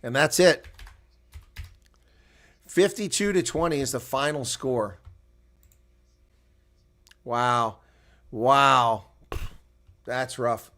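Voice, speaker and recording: A man giving live rugby play-by-play, shouting on big plays and chatting casually with viewers in between. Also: medium pitch, drawn-out words, long pauses. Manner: reads viewer chat aloud. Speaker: play-by-play commentator. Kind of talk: live sports commentary.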